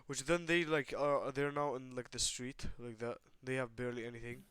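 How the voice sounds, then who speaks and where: A man's voice: medium pitch, little pitch movement, moderate pace, a bit bright, clear, resonant tone, no room sound. A teenage boy casually retelling a fan-made story, rambling with lots of fillers. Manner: rambling, many fillers like "basically" and "like".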